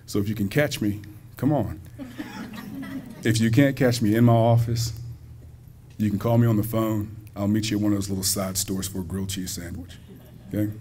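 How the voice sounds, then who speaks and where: Giving a banquet speech in a school hall, a college president jokes in a folksy way and talks directly to the community audience. His voice is lowish and warm, with fairly even intonation and normal speed, over a little hiss or hum.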